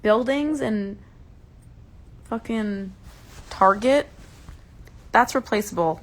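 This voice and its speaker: A woman's voice: mid-range voice, normal speed, gravelly. A young woman hosting a casual livestream from home, passionately ranting and swearing, openly upset. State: upset and enraged. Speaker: livestream host. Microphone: phone.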